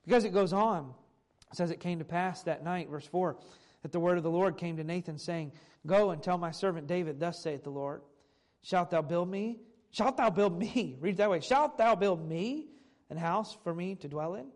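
Male preacher with a somewhat high voice, reads old scripture and then unpacks it plainly. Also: normal speed. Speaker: pastor. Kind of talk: sermon with scripture reading.

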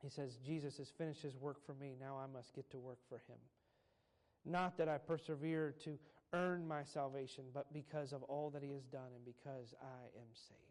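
A male pastor preaching a sermon, telling stories and building to slow, emphatic points. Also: medium pitch, steady tone, a little mellow. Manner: preaches with swelling emphasis, slowing on key phrases.

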